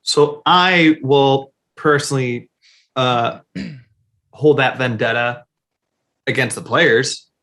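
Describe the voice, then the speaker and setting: A man co-hosts a casual sports podcast, talking in a loose, rambling way. His voice sits at an ordinary middle pitch, and his talk is full of fillers and easy swearing. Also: slow pace, long pauses, fairly bright tone. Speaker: podcast co-host.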